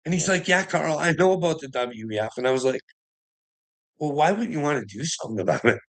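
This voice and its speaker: A man's voice: fairly high pitch, animated, fast. Profane, laughing, agitated man ranting. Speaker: vlogger. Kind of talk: rambling monologue.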